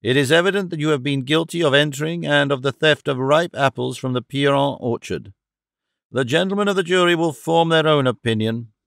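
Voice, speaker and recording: Guy reading stern prosecutor, accusing and severe, gravelly voice. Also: fairly high pitch, brisk, a bit bright, no echo, studio quality. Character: severe male district attorney, accusing.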